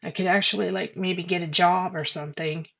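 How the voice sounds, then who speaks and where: A woman hosting a livestream, talking straight to her chat in an emotional, excitable way. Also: on the low side, fairly quick, vocal fry. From Canada. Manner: emotional, talks to chat directly. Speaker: livestream host. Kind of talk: live-stream commentary. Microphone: headphones with mic. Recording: dull lo-fi livestream audio with background noise.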